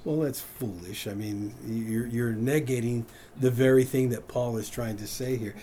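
A man's voice: mid-range voice, steady tone, normal speed, warm tone, slight background noise. A man preaching a sermon to a congregation, asking questions of the room and chuckling at his own points. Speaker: pastor.

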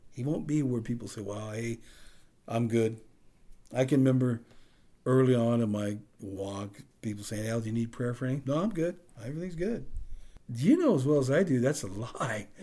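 Husky-voiced man preaching a sermon. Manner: animated preaching, swinging from loud emphasis to soft lows. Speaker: pastor. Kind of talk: sermon with closing prayer.

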